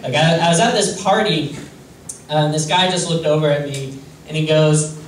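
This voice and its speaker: A man doing a stand-up comedy set on a club stage, deadpan and self-deprecating, hesitant with many fillers. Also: a little high, moderate pace. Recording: roomy distant club recording with noise.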